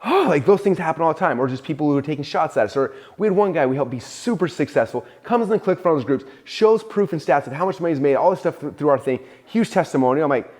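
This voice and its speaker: A man in casual conversation, telling stories with many fillers and restarts, jumping into a high voice to act out his own panic. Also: quick pace, few pauses. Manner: animated storytelling, acts out his own panic in a raised voice. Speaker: host and entrepreneur.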